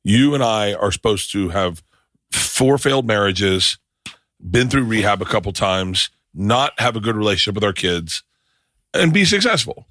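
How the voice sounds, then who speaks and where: A man's voice: lowish voice, animated, normal speed, a bit bright, no echo, clean studio sound. A middle-aged man hosting a podcast, chatting loosely and swearing freely as he jokes with his guest. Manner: loose, joking and profane. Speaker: podcast host. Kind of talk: casual interview chat. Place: podcast studio.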